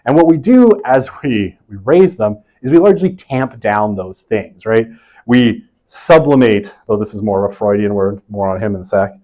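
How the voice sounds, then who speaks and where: A man's voice: fairly low pitch, moderate pace, few pauses, warm tone, highs cut off. Chatty man giving a university lecture. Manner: conversational, asks "right?" often, self-deprecating asides. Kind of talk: classroom lecture.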